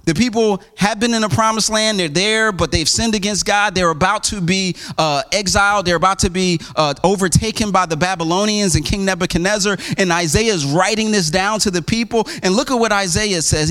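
A man with a high voice preaches in a church, talking in a relaxed, conversational way full of restarts and asides. When he quotes people he jumps into exaggerated, much higher voices before settling back into his steady sermon. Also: a little fast, few pauses, smooth. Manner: acts out quoted voices with big pitch jumps. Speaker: pastor.

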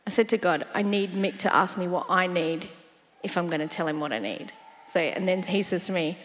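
A woman guest, telling her faith story in a casual interview, animated and quick to laugh as she acts out what others said. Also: on the low side, in a large hall.

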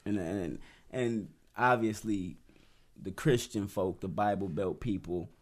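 A young man co-hosting a casual podcast, explaining his views in a relaxed, laid-back way. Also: fairly low pitch, slow. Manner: laid-back, laughing, drifts quieter as he explains. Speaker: podcast co-host.

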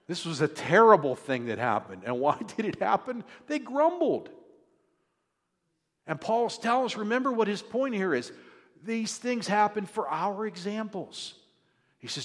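A man's voice: high voice, very animated, moderate pace, a bit bright, big-room sound. A male pastor giving a sermon in a conversational, joking manner. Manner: conversational, jokes with the congregation.

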